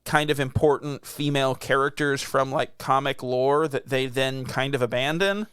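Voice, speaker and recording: A man's voice: mid-range voice, steady tone, moderate pace, a bit bright, clear, resonant tone, no room sound, studio quality. A young man co-hosting a podcast, chatting casually in a laid-back, rambling way with chuckles. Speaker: podcast co-host. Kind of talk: casual chat.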